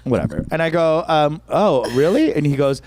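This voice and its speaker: A man co-hosting a comedy podcast, telling a story in an animated way with frequent laughs and casual swearing. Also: a little high, a little fast, slight background noise. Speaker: podcast co-host, stand-up comedian.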